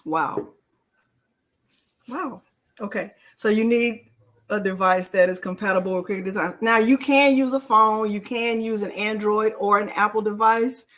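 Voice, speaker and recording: A middle-aged woman, hosting a casual live-stream crafting tutorial and talking to viewers in a chatty, warm-hearted way. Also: mid-range voice, moderate pace. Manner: chatty and emotional, addresses viewers as y'all.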